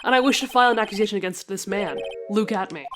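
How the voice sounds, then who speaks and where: A woman's voice: medium pitch, fast, faint music behind, close to an everyday voice. A woman voicing a young male defense lawyer in a game, speaking firmly. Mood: determined.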